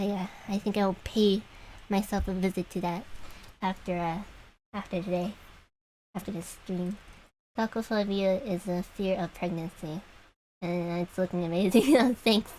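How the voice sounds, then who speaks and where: A woman's voice: medium pitch, a little slow, a little mellow, a little hiss or hum, poor audio. A young woman streamer chatting casually with viewers while she draws, rambling and laughing often. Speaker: vtuber streamer.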